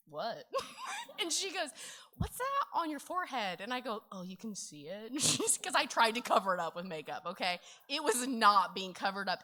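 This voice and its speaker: At a conference training session on county finance, a middle-aged woman with a fairly high voice tells an animated story. She laughs often and keeps dropping in "okay?" asides.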